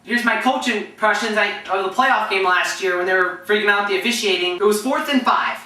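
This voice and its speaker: A man with a bright, forceful voice tells casual anecdotes, jumping into the voices of the people in them and restarting his sentences. He sits back from the mic in a very echoey room. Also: high-pitched, brisk, distant mic. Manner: animated storytelling, acting out quotes with restarts.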